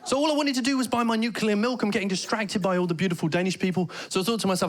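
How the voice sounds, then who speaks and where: British male stand-up comic, a touch high-pitched, animated storyteller on stage. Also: very fast, hardly any pauses. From Britain. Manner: animated storytelling with mock Danish phrases. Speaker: stand-up comedian. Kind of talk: stand-up comedy. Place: theater stage before a laughing audience.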